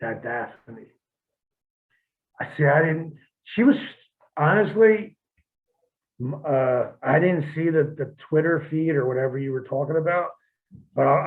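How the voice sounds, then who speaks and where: Man, slightly high voice, blunt and profane, tinny phone-line sound. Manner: blunt, profane, rambling with restarts. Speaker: podcast co-host, former wrestler. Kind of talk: casual podcast chat.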